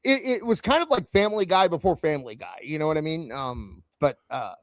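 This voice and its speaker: Talking fairly quickly, this animated wrestling podcast host rambles and chats with his co-host, his pitch leaping up and down. No echo is present.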